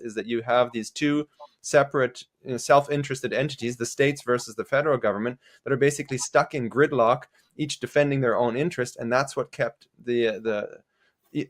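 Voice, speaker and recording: A male podcast guest lays out political arguments in a thoughtful, unhurried way. He often stops and restarts his phrases, filling the gaps with fillers. His pitch sits in an ordinary middle range. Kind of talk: casual political discussion.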